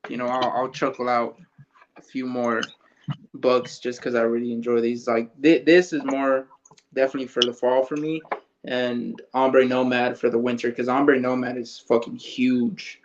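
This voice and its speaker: A laid-back man chats casually and swears freely. His voice is mid-pitched and comes through a bit dull and muffled. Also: level tone, moderate pace, a little hiss or hum. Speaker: guest co-host. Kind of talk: casual chat.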